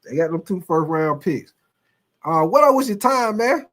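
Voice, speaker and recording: A man hosts a casual sports livestream and talks in a loose, slangy, animated way. His voice sits a little higher than most men's. He keeps the chat going as he reads out viewer comments. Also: moderate pace. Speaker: host.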